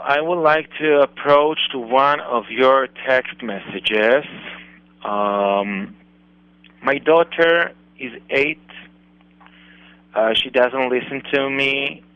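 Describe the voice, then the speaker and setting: A man with an Israeli accent, a rabbi answering a listener's question on a radio advice show, speaking slowly and deliberately with many pauses and fillers. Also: mid-range voice, dry recording. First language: Hebrew. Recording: dull lo-fi radio broadcast.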